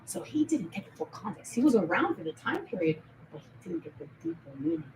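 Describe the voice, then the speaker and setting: A woman on a rambling livestream rant, swinging erratically from mutters to shouted, sing-song accusations full of swearing. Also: on the high side, very animated, fast, creaky, distant mic, slight background noise. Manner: profane and accusatory. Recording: echoey room, voice off-mic.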